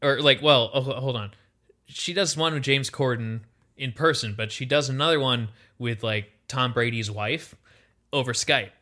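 Speaking at medium pitch and a moderate pace, this young co-host livens up a casual podcast with stories. He acts out people's remarks as he tells them.

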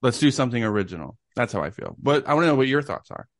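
A man's voice: medium pitch, expressive, racing, no echo, clean studio sound. A young man co-hosting a podcast, chatting casually, joking and giving firm opinions. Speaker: podcast co-host. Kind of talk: casual chat.

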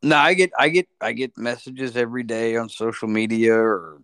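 A man, a podcast guest, in casual chat and explaining things in a relaxed way. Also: medium pitch, normal speed, clear, resonant tone, dry recording, clean studio sound. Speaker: podcast guest, fishing industry sales director.

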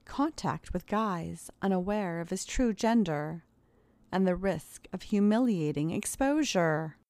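Woman narrator, low voice, dry close sound, measured storytelling, audiobook. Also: animated, a little mellow, dry recording.

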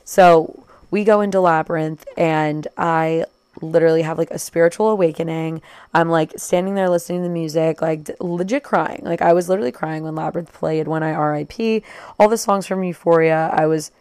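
A woman in her twenties telling a casual storytime, chatty and quick, full of "like" and acted-out quotes. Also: low voice, fairly even intonation, a little mellow, clean tone, no echo. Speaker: vlogger.

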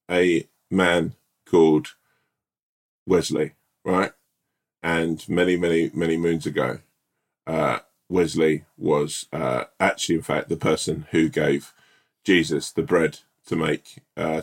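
Very low-voiced swearing man, rambling. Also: creaky, slightly rough. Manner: rambling, swears a lot, laughs at own stories. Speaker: podcast co-host. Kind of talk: casual chat.

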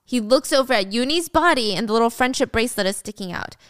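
A woman's voice: fairly high pitch, fast, no room sound, studio quality. Chatty young woman recapping a drama. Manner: chatty, animated storytelling. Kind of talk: casual drama recap narration.

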